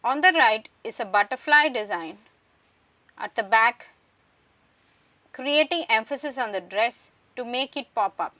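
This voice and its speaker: A woman giving a measured, scripted lecture, explaining slides one by one. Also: fairly high pitch, bright, forceful tone, no echo. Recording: voice distant from the mic.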